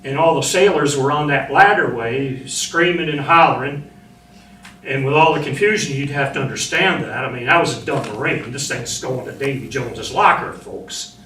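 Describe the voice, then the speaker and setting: A man's voice: medium pitch, moderate pace. Older male ex-Marine, plain storyteller recalling combat; echoey room, distant mic. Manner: plain storytelling, shouting when retelling orders. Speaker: former Marine speaking as a survivor. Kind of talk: personal war testimony to an audience. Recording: roomy, distant mic, faint noise.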